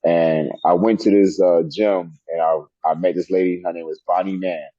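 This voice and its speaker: A middle-aged man, a wrestler guest in an interview, telling animated stories and laughing often. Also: low voice, moderate pace, no room sound. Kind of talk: storytelling interview. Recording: dull lo-fi sound.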